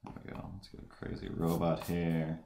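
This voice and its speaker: A man livestreaming while he draws, telling a rambling story in a casual, animated way. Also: low voice, normal speed, echoey room, slight background noise. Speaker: streamer drawing live.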